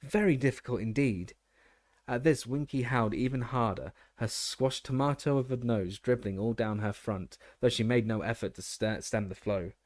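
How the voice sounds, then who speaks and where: Guy reading an audiobook, mid pitch, steady, super dry close sound. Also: normal speed, hardly any pauses, no room sound. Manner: steady reading with occasional slips and restarts. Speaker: audiobook reader. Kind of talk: audiobook narration.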